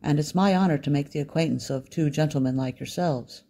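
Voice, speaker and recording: A man reading the lines of an eccentric Italian professor in his sixties, cheerful and rambling, with a gravelly, dark voice. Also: a little high, fairly quick. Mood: eager.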